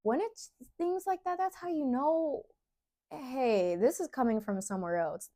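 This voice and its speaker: A young woman vlogging candid advice, talking straight to the viewer with slow, emphatic phrasing. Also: mid-range voice, a little mellow. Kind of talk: casual advice monologue to camera.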